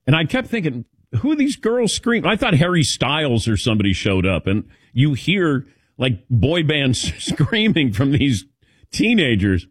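Male talk host, lively up-and-down delivery, dry close sound, casual storytelling. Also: medium pitch, measured pace, husky, no room sound. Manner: animated storytelling, calls on co-hosts by name. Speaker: radio show host. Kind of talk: casual sports talk chat.

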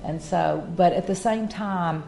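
A woman's voice: on the low side, unhurried, gravelly, warm tone, soft background music. A woman co-hosting a faith-based marriage talk, speaking earnestly with frequent fillers and restarts. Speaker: co-host of a Christian marriage talk. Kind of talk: casual faith-based chat.

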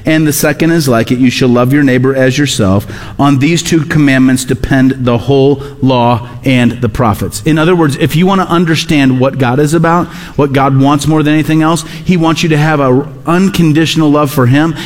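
A man's voice: fairly high pitch, in a large hall. A man preaching a sermon, earnestly repeating key phrases and reading scripture aloud. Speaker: pastor.

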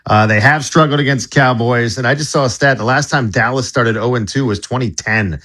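A man on live radio giving a sports preview in a casual, halting way. He fills his answers with uhs and starts sentences over. His voice sits at an ordinary middle pitch. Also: fairly bright tone. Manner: casual, halting, with many fillers and restarts. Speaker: sports director.

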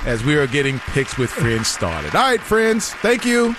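A man's voice: a little high, huge pitch swings, unhurried, background noise. A man hosting a sports radio show, bantering casually and laughing often. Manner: laughs often, wraps up the segment.

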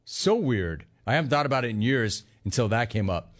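A man's voice: mid-range voice, big pitch swings, a little fast, faint music behind. A man hosting a call-in sports talk radio show, brash and joking, calling people dude and bro.

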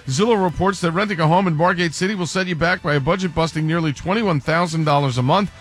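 A male radio news anchor reads the local headlines from a script. He keeps a brisk, even newsreader pace. His voice sits a little high for a man.

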